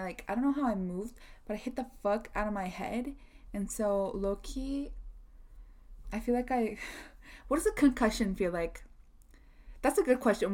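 A woman's voice: mid-range voice, a little mellow. Young woman, solo podcast host, casual chat, rambling, filler-heavy. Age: young adult. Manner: chatty, rambling, lots of "like" fillers.

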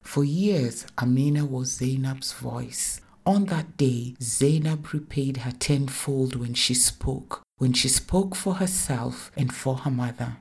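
A woman reading a short story aloud in a calm, measured narration. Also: rumbling low, creaky, breathy edge.

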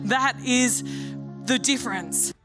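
A woman's voice: a little high, takes it slowly, music in the background. A woman pastor preaching a sermon in an earnest, storytelling way. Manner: earnest, storytelling, acts out dialogue.

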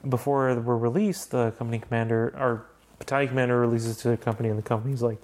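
A man's voice: mid-range voice, fairly even intonation, fast talker, a little mellow. Young man, podcast host, casual chat, heavy swearing, heated storytelling.

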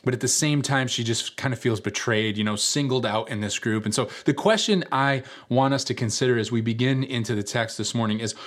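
A man preaching a sermon in a conversational storytelling way, full of fillers, who repeats key lines for emphasis. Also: mid-range voice. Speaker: pastor.

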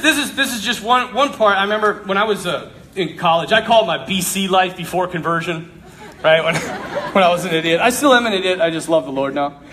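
A man telling his faith story to an audience, animated and laughing often as he acts out the dialogue. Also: high-pitched, noisy background. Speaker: speaker sharing a faith testimony.

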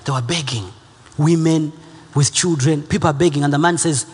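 A man preaching a sermon, emphatic and repetitive, rising at times to shouts. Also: a little high, normal speed, slightly rough, big-room sound.

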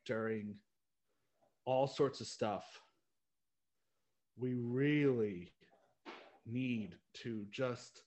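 A young American man co-hosting a casual podcast chat, ranting in a blunt, opinionated way. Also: medium pitch. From United States. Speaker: podcast co-host.

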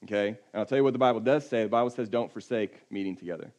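A man preaching a sermon in a conversational way. He often drops to a low, quiet voice for emphasis. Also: rapid-fire. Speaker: pastor.

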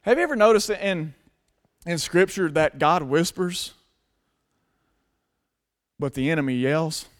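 A male pastor preaching a sermon earnestly, dropping to hushed tones and rising to loud emphasis. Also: on the high side, lively intonation, a little slow, long pauses.

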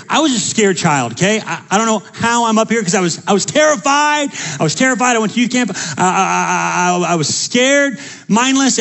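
A young man with a high voice preaches to his congregation. He tells quick, lively personal stories, then rises into fervent appeals. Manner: energetic storytelling, rising to preaching fervor. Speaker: pastor.

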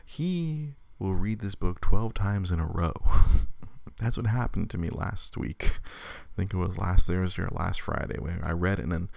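A man in his thirties talks casually at home into a phone camera, low and gravelly, with a dry close sound. He rambles, repeats words and laughs often as he goes, and his voice rises and falls a lot. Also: expressive, measured pace, darkish tone, no room sound. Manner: rambling and stammering, with frequent laughs. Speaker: father streaming live. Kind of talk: casual live-stream chat.

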